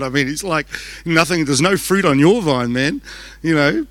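A man with a New Zealand accent preaches quickly and casually, with frequent restarts and jokes. His voice sits a little high for a man and sounds bright and forceful. The sound is close and dry, with little room echo. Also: lively intonation. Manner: fast-talking, joking and conversational, with restarts. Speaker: pastor. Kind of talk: conference sermon. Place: church auditorium. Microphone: handheld microphone.

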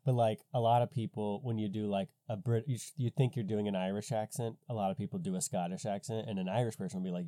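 A man's voice: fairly low pitch, fairly even intonation, quick pace, few pauses, dark tone, no echo, studio quality. A man in casual conversation, skeptical and questioning, thinking aloud with frequent restarts.

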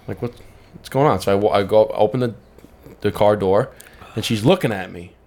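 A man's voice: fairly low pitch, fairly quick, darkish tone. A man co-hosting a podcast in casual chat, laid-back and swearing freely, with a New York accent. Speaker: podcast co-host.

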